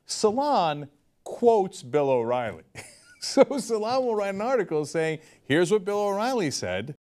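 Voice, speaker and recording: A man's voice: sits high, very animated, measured pace, a little mellow. A man hosting casual political commentary, sarcastic and often laughing as he mocks what he quotes. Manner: sarcastic, laughing, mocking impressions.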